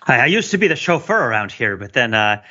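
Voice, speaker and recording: A man's voice: mid-range voice, big pitch swings, fast talker, pushed and bright, highs cut off. A man co-hosting a podcast in casual chat, with dry, wry teasing. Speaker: podcast co-host.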